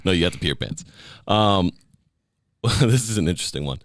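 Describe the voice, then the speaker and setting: A man's voice: deep voice, animated, normal speed, no echo, clean studio sound. A male podcast host chatting casually, joking and laughing a lot. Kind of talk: casual chat.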